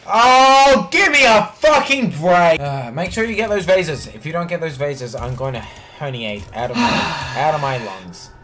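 A man playing a video game with a friend, swearing, teasing him and yelling at the screen in casual commentary. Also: a little high, lively intonation, a little slow, hardly any pauses, a crowd in the background. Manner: teasing his co-player. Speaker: let's play gamer.

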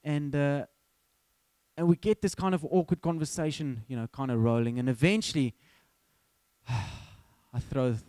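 A man preaching a sermon, telling a story in lively fashion and acting out his own lines of dialogue. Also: medium pitch, a little slow, long pauses, no room sound.

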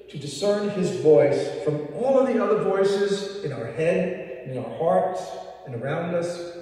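A middle-aged man preaching a sermon as a parish priest, slow and gentle, now and then putting on playful voices in his stories. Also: fairly high pitch. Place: large church. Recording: echoey church from a distance.

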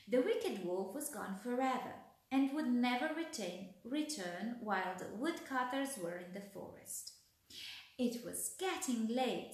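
A woman reading a bedtime story aloud as storyteller, gently. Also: on the high side. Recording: very echoey room.

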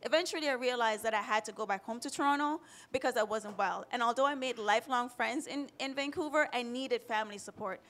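Woman from Jamaica in her thirties, higher voice, candid and emotional, for a personal panel story. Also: quick pace, hardly any pauses, a bit bright. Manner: candid, emotional, close to tears at times.

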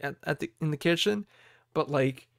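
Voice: medium pitch, normal speed, creaky, no echo. Dry, rambling young podcast host. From United States. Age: 20s. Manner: meandering, reminiscing, many fillers. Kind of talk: casual solo chat.

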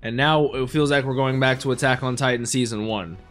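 A man's voice: mid-range voice, a little fast, faint music behind. Emotional man reacting to an anime episode. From United States. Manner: emotional, swings between hushed dismay and loud excited outbursts. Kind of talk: live reaction commentary.

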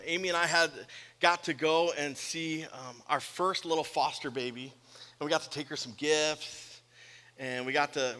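Guy preaching a sermon, high bright voice, goes loud then soft, big echoey church hall. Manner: expressive, swings from loud emphasis to soft storytelling. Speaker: pastor. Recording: live sermon with long hall reverb.

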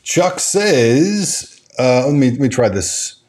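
A man's voice: mid-range voice, very animated, takes it slowly, a little mellow. A man hosting a casual stock market livestream, talking in a rambling way with many restarts and fillers as he reads and answers viewer chat. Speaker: stock market show host.

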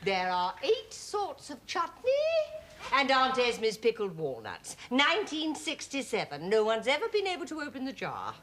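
A woman's voice: fairly high pitch, wildly swooping pitch, moderate pace, fairly bright tone. A fussy, doting mother. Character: fussy doting mother, sharp with her son. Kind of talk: sitcom acting.

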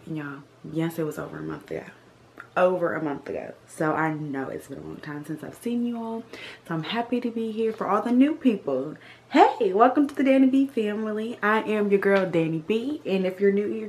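A woman's voice: mid-range voice, a little mellow, slight background noise. A young woman chatting casually to camera in a car, upbeat and chatty. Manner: chatty and upbeat, drawn-out repeats. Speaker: vlogger. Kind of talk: casual vlog chat to camera.

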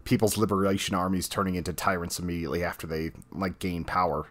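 A man's voice: low-pitched, flat delivery, fast talker, a bit bright. A man in a casual podcast chat who chimes in with thoughtful, dry remarks.

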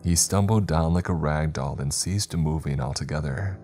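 Male horror narrator, extremely deep voice, steady delivery, faint music bed. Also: moderate pace. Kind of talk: scripted narration.

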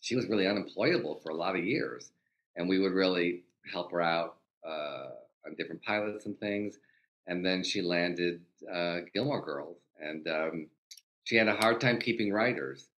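Older male guest, low register, animated anecdotal delivery with acted-out quotes and casual swearing. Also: moderate pace, dull audio. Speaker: guest, TV comedy writer. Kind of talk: casual storytelling interview.

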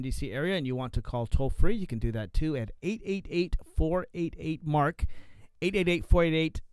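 Smooth-voiced male talk radio host. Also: mid-range voice, darkish tone, dry recording. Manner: conversational, with frequent fillers and restarts.

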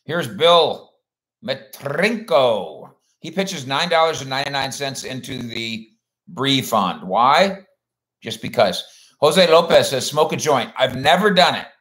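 A man's voice: medium pitch, animated, a little slow, a bit bright. A man hosting a sports livestream in a rambling, folksy way, chatting casually and reading out viewer comments.

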